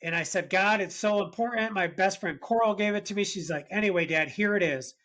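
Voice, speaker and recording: A man as a podcast guest, telling a personal faith story in an earnest, animated way. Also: sits high, fairly quick. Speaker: podcast guest, business founder. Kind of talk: conversational storytelling interview.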